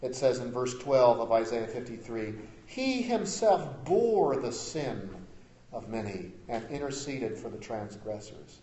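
A man preaching a sermon as pastor. He is emphatic, rising to loud declarations and dropping to quiet asides. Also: mid-range voice, sing-song, measured pace, reverberant, dull audio.

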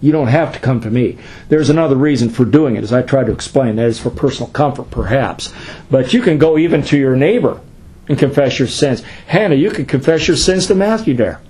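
A man's voice: mid-range voice, a little fast, dark tone, breathy edge. A middle-aged man, a pastor, teaching a classroom Bible study in a conversational, explanatory way with fillers and asides.

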